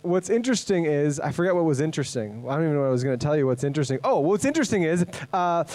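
A man's voice: on the high side, animated, rapid-fire, darkish tone. A man from Canada, a guest preacher in his thirties, opening his sermon in a chatty, rambling, self-deprecating way with many fillers. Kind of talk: casual sermon introduction.

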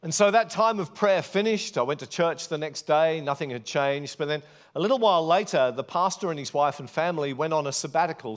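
A man preaching a sermon, telling a personal story in an earnest, conversational way. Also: medium pitch.

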